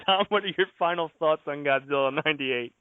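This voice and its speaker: A man's voice: a little high, brisk, clear, resonant tone, dry recording. A man hosting a casual podcast chat, often laughing as he asks the others for their ratings. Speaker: podcast host. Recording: tinny phone-like audio, dry.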